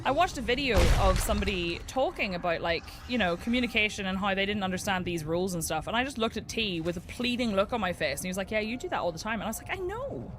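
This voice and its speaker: A woman talks quickly at a medium pitch with few pauses, over a noisy background. She's streaming a game and chatting casually, a talkative, animated storyteller who laughs a lot.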